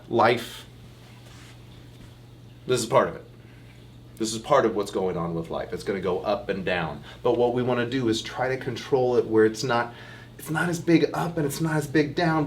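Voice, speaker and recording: A man of middle pitch giving a relaxed talk as a chiropractor at a health workshop. His delivery is chatty and animated. He addresses listeners directly and informally, like an online presenter talking to his viewers. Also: a little hiss or hum.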